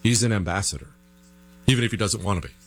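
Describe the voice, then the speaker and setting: A man hosting a commentary show, giving an emphatic opinion monologue full of rhetorical questions and slow, stretched stresses on key phrases. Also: no room sound. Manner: animated and emphatic, with big pitch swings and rhetorical questions.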